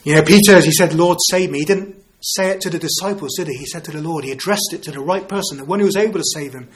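Guy in his 50s preaching, earnest, keeps asking don't we, voice a bit on the high side. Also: rapid-fire, a little hiss or hum. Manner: earnest, leans on rhetorical tag questions. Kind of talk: evangelistic sermon.

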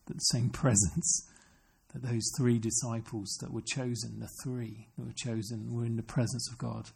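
A man's voice: mid-range voice, flat delivery, moderate pace, creaky, a little mellow, breathy edge. A man preaching an earnest sermon, often asking his listeners questions. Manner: earnest, asks the congregation questions.

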